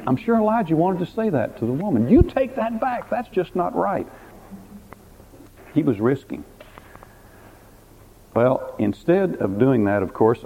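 A man, a pastor, preaching a sermon, telling a story dramatically and putting questions to the listeners, often repeating words. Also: lowish voice. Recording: tinny phone-like recording, faint hiss.

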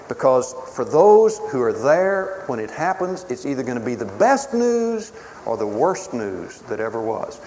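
A man preaching a sermon in a dramatic, emphatic way, swinging between booming declarations and hushed pleas. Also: very animated, a little slow. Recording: reverberant hall with faint ambient noise.

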